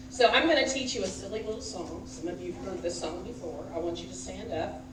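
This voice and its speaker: A woman's voice: medium pitch, moderate pace. A woman minister giving a conversational sermon in a church and questioning the congregation directly. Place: church sanctuary. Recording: echoey hall, picked up from a distance.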